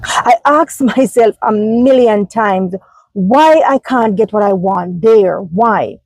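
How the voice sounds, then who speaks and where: Jamaican woman, casual car vlog on a phone, mellow tone, emphatic and repetitive. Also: mid-range voice, takes it slowly, no echo, rough recording. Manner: emphatic, repetitive, many fillers. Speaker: vlogger. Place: inside a parked car. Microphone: phone held in hand.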